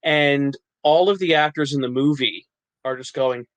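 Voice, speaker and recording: A man's voice: fairly high pitch, normal speed, a bit bright, dry recording, poor audio. A man from New Jersey, an actor and writer, chatting as a podcast guest, laughing often and restarting his sentences. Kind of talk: casual interview chat.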